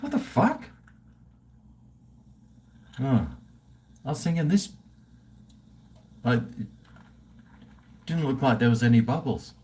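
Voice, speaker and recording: Man, Australian accent, tipsy, unhurried drawl, rambling, profane, live-stream host. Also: mid-range voice, lively intonation, dark tone, a little hiss or hum. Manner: rambling and profane, reading out viewer chat. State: tipsy from drinking. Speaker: livestream host. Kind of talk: casual live-stream chat.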